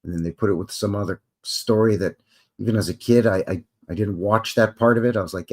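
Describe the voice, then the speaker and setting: A man's voice: lowish voice, brisk, a little mellow, husky. A man hosting a casual live stream, chatting, reading aloud and adding asides.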